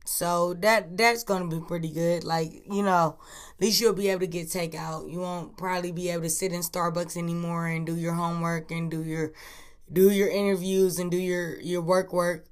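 A woman hosting a casual news chat podcast, talking in a profane, lively way and recorded on an iPhone. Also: fairly low pitch. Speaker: podcast host.

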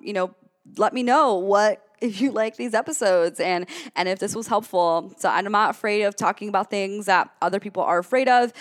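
A woman's voice: mid-range voice, fairly bright tone. Young woman podcast host, mid-range voice, blunt and chatty, lots of ums and likes. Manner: candid, chatty, blunt advice with frequent fillers. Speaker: podcast host and business coach. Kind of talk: solo podcast mini-training.

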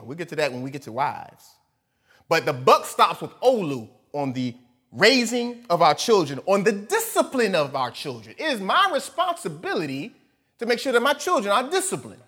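A man preaching a sermon, animated, moving between loud emphatic lines and soft asides, often laughing. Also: high voice, breathy edge. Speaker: pastor.

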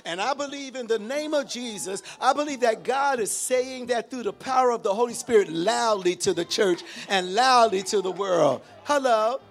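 A male pastor delivers an animated sermon in call-and-response style. His voice sits high for a man, and he swings from near-whispered asides to shouted exclamations. Soft music plays faintly behind him. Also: normal speed, hardly any pauses. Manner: animated, call-and-response preaching with sudden shifts from hushed to shouted.

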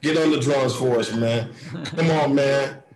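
A man co-hosting a casual online hip-hop chat, telling stories in an animated way and laughing often. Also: mid-range voice, measured pace, noisy background. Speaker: podcast co-host.

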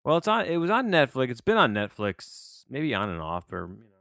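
A man's voice: mid-range voice, wildly swooping pitch, a little fast, gravelly, fairly bright tone, dry recording, clean studio sound. A man hosting a casual movie review podcast, talking in a loose, rambling way with many fillers and restarts. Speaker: podcast host.

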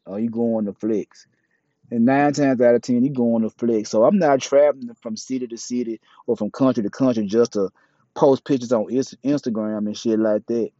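A man holds forth in a blunt, profane, preachy monologue. His voice is dark and mellow. The dry, dull recording sounds lo-fi. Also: mid-range voice, dry recording. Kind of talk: casual monologue, opinionated.

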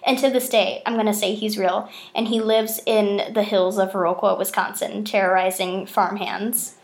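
A young woman telling stories in a casual podcast chat, animated and swearing freely. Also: mid-range voice, normal speed. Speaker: podcast host.

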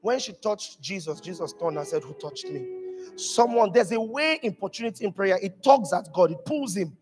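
A pastor preaching a sermon to his church, emphatic and animated, rising to shouted peaks. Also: high-pitched, normal speed, big-room sound, faint music behind. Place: church hall.

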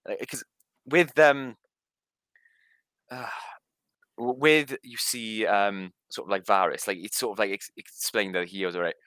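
Bright, dry-sounding man hedging casually. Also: on the low side, fairly even intonation, a little slow, long pauses, clear, resonant tone, dry recording, poor audio. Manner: hesitant, hedging with "like" and "sort of". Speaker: podcast co-host. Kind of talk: casual review chat.

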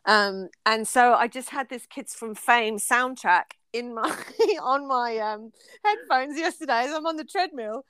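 A woman's voice: high voice, lively intonation, measured pace, bright, forceful tone, no room sound. A woman in her forties, co-hosting a podcast, chatting casually and laughing often as she tells stories. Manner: chatty, laughs often, sings snatches of songs. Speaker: podcast co-host. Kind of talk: casual chat.

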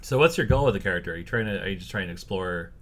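A man's voice: low-pitched, lively intonation, very fast, fairly bright tone. A man hosting a casual interview, asking questions and cracking teasing jokes.

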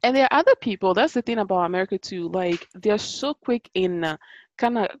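A woman who grew up in Italy, chatting casually as a podcast co-host and telling animated stories. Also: mid-range voice, a little fast, slight background noise. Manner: animated storyteller, acts out quoted voices. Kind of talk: casual chat. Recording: dull, dry close-mic sound.

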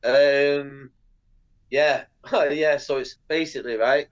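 A man's voice: mid-range voice, slow pace, highs cut off. Sweary man telling stories. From England. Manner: sweary, animated, acts out voices in anecdotes. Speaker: guest, pro skateboarder. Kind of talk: casual interview storytelling.

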